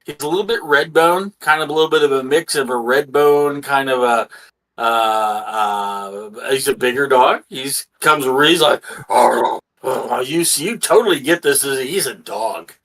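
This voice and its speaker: A man's voice: mid-range voice, a little slow, pushed and bright. Rambling man running a tabletop game. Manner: rambling, many fillers and restarts. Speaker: game master.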